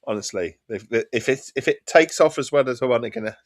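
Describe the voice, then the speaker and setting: A man's voice: mid-range voice, animated, quick pace, slight background noise. A middle-aged man with an Essex accent, chatting and rambling casually while streaming a game. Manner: rambling, chatty and self-deprecating. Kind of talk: casual chat while gaming.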